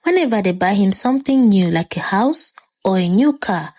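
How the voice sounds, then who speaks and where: A woman narrating a scripted story with dramatic, expressive delivery. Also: medium pitch, moderate pace.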